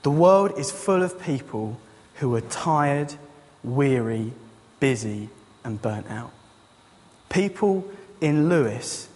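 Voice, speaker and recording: A man's voice: medium pitch, darkish tone. A man, a youth leader, preaching a sermon in a casual, joking, conversational way. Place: church hall. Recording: long church hall reverb.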